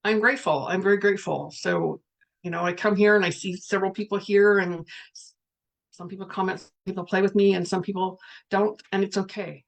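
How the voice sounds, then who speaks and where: A woman's voice: medium pitch, fairly even intonation, brisk, vocal fry. A woman speaking as a spiritual coach in a casual livestream, talking frankly and chattily and reading viewer comments aloud.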